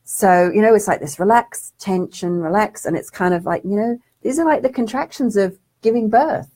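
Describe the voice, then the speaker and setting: A woman's voice: medium pitch, normal speed, warm tone. A woman hosting a casual live stream, reading out viewer comments in a chatty, affectionate way and calling viewers darling. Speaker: spiritual development teacher hosting a live stream.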